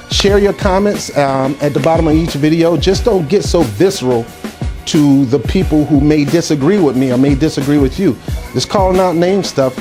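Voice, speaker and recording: A man hosting an opinion vlog who talks in a preachy, fired-up way and quotes scripture. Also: mid-range voice. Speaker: vlog host.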